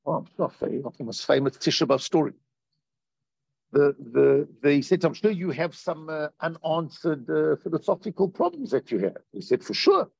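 A man teaching a Torah class as a rabbi, animated and repeating phrases for emphasis. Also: a little high, vocal fry, husky, no room sound, highs cut off. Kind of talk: Torah class on Tisha B'Av.

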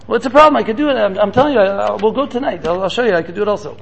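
A gentle, persistent older rabbi asks question after question, as a man retells it in a sermon. The voice sits high with a gravelly edge. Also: very fast, highs cut off, slight background noise. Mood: eager. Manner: earnest, coaxing questions.

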